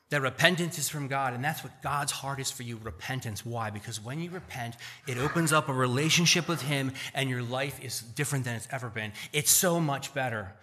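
A man preaching a sermon as pastor, swinging between loud emphatic peaks and quiet, earnest stretches. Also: mid-range voice. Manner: animated, rising to loud emphatic peaks then dropping to quiet earnest tones. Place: church.

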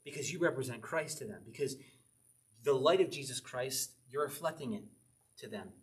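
A man preaching a conversational sermon, teaching verse by verse, slowing down to read scripture aloud and chuckling now and then. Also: mid-range voice, lively intonation, distant mic. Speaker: pastor.

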